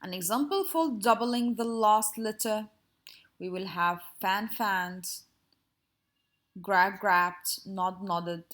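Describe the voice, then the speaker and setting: A woman teacher gives young pupils a slow, patient grammar lesson, explaining in a sing-song manner. Her voice is mid-range with a fairly bright tone.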